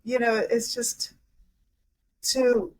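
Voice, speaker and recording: A woman's voice: fairly high pitch, little pitch movement, extremely slow, rough recording. A woman speaking as a podcast guest, a hypnotherapist and life coach, talking reflectively with frequent restarts and fillers. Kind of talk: casual interview talk.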